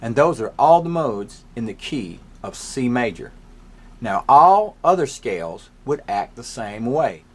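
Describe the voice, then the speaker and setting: Brief: male piano teacher, unhurried and patient, mid-pitched voice, soft piano in the background. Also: big pitch swings. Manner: slow, patient step-by-step explaining. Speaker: music teacher. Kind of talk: piano lesson explanation. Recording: faint piano playing behind.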